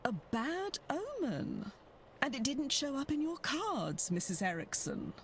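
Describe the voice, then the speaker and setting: A mocking woman guest in a mystery game. Her high voice lilts widely, and she drags her words out slowly. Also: huge pitch swings, slight background noise, full character voice.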